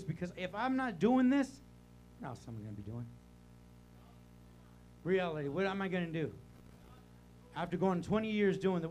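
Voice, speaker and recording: An older male pastor delivering a sermon in a church sanctuary. His voice sits high for a man, and he swings between loud, animated bursts and quiet, low stretches. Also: a little hiss or hum.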